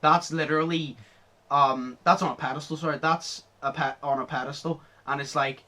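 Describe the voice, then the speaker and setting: A young man hosting a podcast, chatting casually, excitable, laughing often and swearing freely. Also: fairly high pitch, normal speed. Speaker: podcast host.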